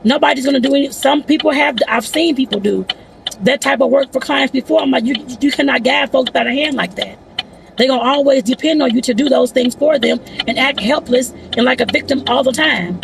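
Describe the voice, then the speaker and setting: A woman with a heavily gravelly, creaky voice talks straight to her viewers from inside a car. Her manner is blunt and outspoken, the casual advice of a life-lesson vlog, with faint traffic noise behind her. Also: sits high, fairly quick. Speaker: vlogger giving life advice. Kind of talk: casual talking-head vlog.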